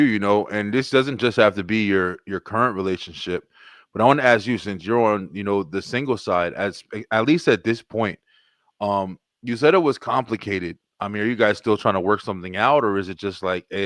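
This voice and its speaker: A middle-aged man hosting a podcast, telling stories in an animated, profane way. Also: lowish voice, dry recording, studio quality. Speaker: podcast host. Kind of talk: casual podcast chat.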